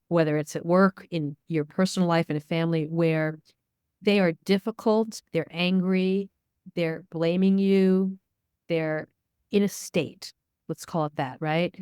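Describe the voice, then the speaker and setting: A woman's voice: lowish voice, unhurried, a little mellow, smooth, no echo, clean studio sound. A middle-aged woman, a media expert guest, answering interview questions in a candid, storytelling way. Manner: candid, storytelling, acts out dialogue.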